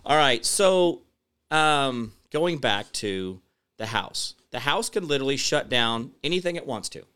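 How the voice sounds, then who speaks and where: A man's voice: mid-range voice, expressive, unhurried, sharp tone, clean tone. A man hosting a casual live-stream talk show, rambling as he reads viewer comments and answers them, growing emphatic when he explains a point.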